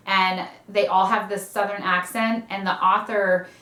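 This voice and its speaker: A woman's voice: medium pitch, level tone, unhurried, pushed and bright, a little hiss or hum. Chatty woman in an echoey room. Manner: chatty, rambling with fillers and restarts. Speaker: book vlogger. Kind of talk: casual chat.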